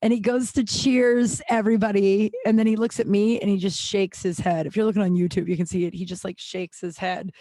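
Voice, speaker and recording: A woman hosts her solo podcast in a loose, rambling way, packing her stories with "like" and cheerful swearing. Her voice sits at an ordinary middle pitch. The recording is close and dry, with no room echo. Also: fairly even intonation, fairly quick, hardly any pauses, dark tone. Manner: rambling storytelling, heavy use of "like", frequent swearing. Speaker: podcast host. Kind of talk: casual solo podcast chat.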